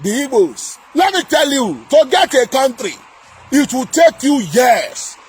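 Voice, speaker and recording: A man delivering an angry political rant, shouting, scolding and repeating himself. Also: very high-pitched, big pitch swings, measured pace, breathy edge, faint music behind. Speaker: political commentator.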